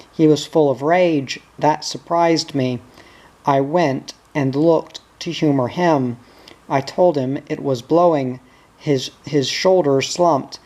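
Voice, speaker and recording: A reader voicing a worried middle-aged country wife, telling her troubles slowly. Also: medium pitch, darkish tone.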